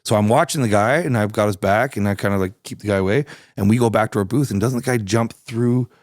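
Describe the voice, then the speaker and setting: A middle-aged man with a Canadian accent, a musician guest telling stories in a casual interview, relaxed and swearing freely. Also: fairly low pitch, fast, no echo, clean studio sound. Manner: relaxed, swears freely, animated when quoting people.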